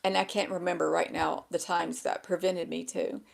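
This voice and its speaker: Woman vlogger with a crackly, gravelly fry, chatting aimlessly and poking fun at herself, seated at home. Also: on the low side, level tone, normal speed. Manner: rambling and self-deprecating, loses her train of thought. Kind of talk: casual chat to camera. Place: indoors at a table with a laptop. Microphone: small handheld microphone.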